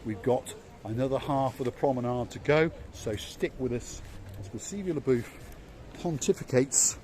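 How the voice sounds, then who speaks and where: This vlog host, a Yorkshire-accented man from England, has a medium-pitched, slightly mellow voice at normal speed. He chats along a seaside promenade on a walking tour, repeating words for emphasis as street noise plays outside.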